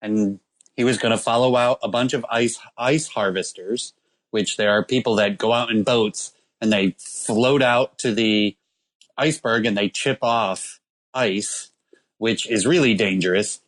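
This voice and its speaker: A man's voice: fairly low pitch, unhurried. A man co-hosting a casual podcast, telling a rambling story about a beer with lots of ums and uhs. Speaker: podcast co-host presenting a beer. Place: calling in from abroad.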